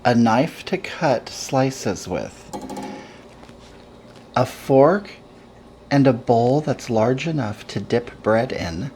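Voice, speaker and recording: A self-styled glamorous home cook, played by a woman with a low voice that swoops wildly up and down. She rambles on with theatrical, sing-song emphasis while hosting a comedic cooking show. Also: animated, drawn-out words, long pauses, mellow, a little hiss or hum, exaggerated voice. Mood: chatty.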